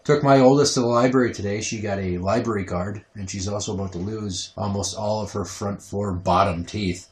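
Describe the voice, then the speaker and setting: A man in his thirties, a podcast host, telling profane, animated stories about his kids in casual chat. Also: lowish voice, a little fast, few pauses. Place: home basement. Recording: roomy echo.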